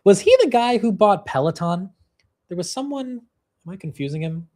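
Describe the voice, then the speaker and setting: A young man hosts a live stock market stream with a high, expressive, slightly mellow voice. He chats casually, shifts topics quickly, and laughs at himself in a self-deprecating way.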